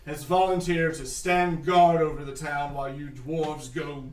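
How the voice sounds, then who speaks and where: Game master in an echoey room. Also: male voice, on the high side, steady tone, measured pace. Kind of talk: narrating a tabletop game. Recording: echoey room, far from the mic.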